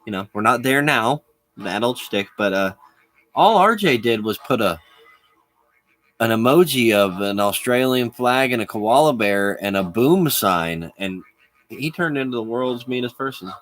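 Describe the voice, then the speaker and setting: A man's voice: medium pitch, expressive, a little slow, fairly bright tone. Rambling man chatting on a stream. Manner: rambling, chats with viewers, laughs often. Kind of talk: casual live-stream chat.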